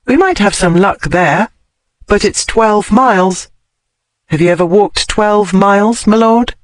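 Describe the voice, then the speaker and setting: A man reading a storybook voices a clever, bossy young girl who talks briskly. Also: high voice, no echo, pitched above the performer's own voice.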